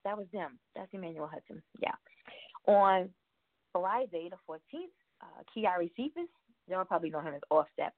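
Gravelly woman host on a tinny line. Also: lowish voice, animated, normal speed, no echo. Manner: rambling, chatty, laughs often. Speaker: radio show host. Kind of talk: casual show chat reading birthdays. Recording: tinny phone-like line, dry.

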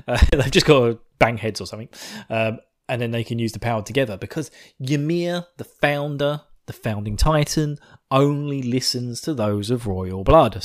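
A man hosting a podcast, recapping an episode in a rambling, giggly way full of swearing, buzzing on coffee. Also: medium pitch. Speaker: podcast host.

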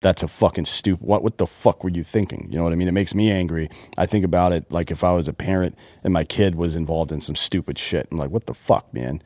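A man's voice: low voice, steady tone, fast talker, hardly any pauses, a little mellow, no echo, studio quality. A man co-hosting a podcast in casual chat, blunt and profane, talking with heavy emphasis. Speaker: podcast co-host.

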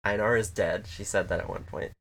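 A man chatting casually about a film, rambling, swearing and acting out scenes in quick little quoted voices. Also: fairly low pitch, steady tone, vocal fry, a bit bright, a little hiss or hum. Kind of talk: casual chat.

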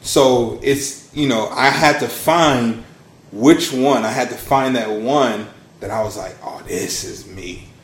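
A man in his thirties, a podcast guest telling his story in a casual, animated way. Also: slow pace, roomy sound. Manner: animated storyteller, acts out quotes with big pitch swings. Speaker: podcast guest, launch strategist.

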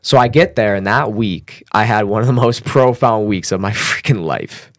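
Man, low voice, dry close sound, animated storyteller, casual fillers and swearing. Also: normal speed, no echo. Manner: animated, acts out quotes with raised pitch. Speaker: podcast guest.

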